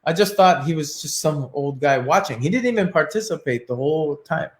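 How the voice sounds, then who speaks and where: A martial arts teacher telling a story in an interview, animated and acting out his inner thoughts. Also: fairly high pitch, a little fast. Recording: echoey room.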